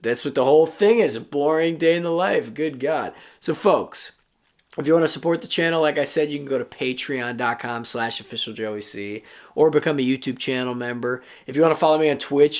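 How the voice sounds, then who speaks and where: A man in his thirties talking casually to camera in a vlog, rambling and self-mocking with sudden loud outbursts. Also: mid-range voice. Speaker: vlogger.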